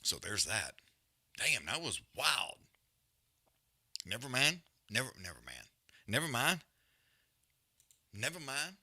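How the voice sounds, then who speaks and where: A man's voice: mid-range voice, very animated, slow, long pauses, pushed and bright. A man hosting a live fight watch-along, breaking down the action in loose, profane, slangy commentary.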